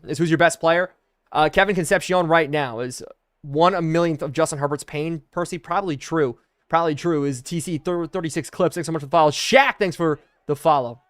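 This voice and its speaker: A young man streaming a football video game live, calling plays, shouting in excitement and thanking chat. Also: a little high. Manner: excitable, bursts into loud exclamations, thanks viewers rapidly. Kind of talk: live stream commentary while reading chat.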